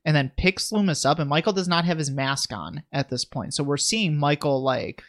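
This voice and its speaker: A man's voice: fairly high pitch, moderate pace, a bit bright. A man co-hosting a podcast, recapping a horror film in casual, joking chat full of fillers. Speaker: podcast co-host.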